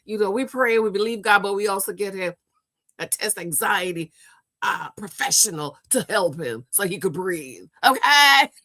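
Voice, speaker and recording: Woman, gossip commentary host, exasperated, scolding, lively pitch, close dry sound. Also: normal speed, no room sound. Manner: exasperated, scolding, repeats herself.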